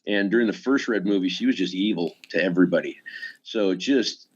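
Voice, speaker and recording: A man's voice: deep voice, a little fast. A middle-aged man, a stuntman guest on a podcast, telling casual anecdotes in a laid-back way with chuckling asides. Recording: muffled recording.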